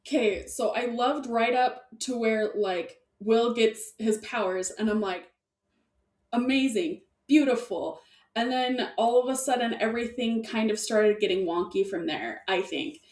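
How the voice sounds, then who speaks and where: A woman chatting casually as a podcast co-host, rambling and excitable, laughing often and stacking fillers. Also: a little high, unhurried. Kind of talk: casual chat. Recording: echoey room, distant mic.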